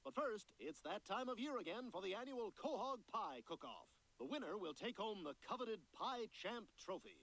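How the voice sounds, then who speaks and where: A man's voice: sits high, animated, moderate pace, creaky, few pauses, a bit bright, heavily acted, low-quality recording. A man voicing a scheming, pompous baby boy in a cartoon, talking in a haughty, theatrical way.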